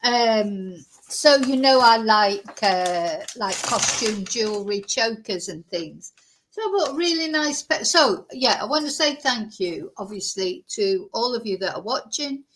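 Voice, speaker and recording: A woman hosting a true crime channel, talking in a rambling, animated way with plenty of asides. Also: on the high side, unhurried. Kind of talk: casual chatty vlog.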